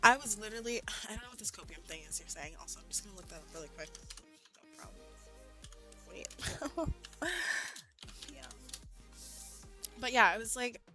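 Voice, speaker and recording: A woman streamer telling a story in casual chat, animated and laughing, with lots of "like". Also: medium pitch, moderate pace, pauses often, faint music behind. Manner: animated, laughing, heavy use of "like". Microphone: streaming mic.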